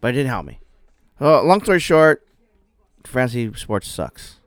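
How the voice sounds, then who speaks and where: A man's voice: medium pitch, very animated, a little slow, no echo. A man co-hosting a casual podcast, laid-back, swearing freely and laughing often. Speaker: podcast co-host. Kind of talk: casual chat.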